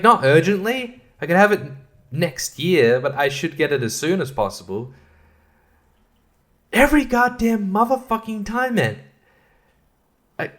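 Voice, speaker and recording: A man in his thirties with an Australian accent, hosting a solo podcast. He rants in an exasperated, profane way and breaks into laughter as he goes. His voice sits a little higher than most men's. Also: fairly bright tone. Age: 30s. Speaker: podcast host.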